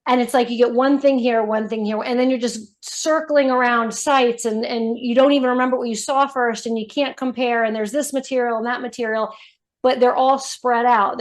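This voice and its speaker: A woman with a slightly high voice talks through her story in a relaxed podcast interview. She fills her speech with "like" and "you know" as she goes. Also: moderate pace. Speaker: guest, brand founder.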